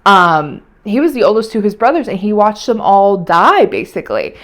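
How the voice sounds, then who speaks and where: A woman's voice: medium pitch, sing-song, moderate pace. A young woman chatting casually in a weekly vlog, rambling and emotional, with many fillers. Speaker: vlogger. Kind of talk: casual weekly catch-up chat.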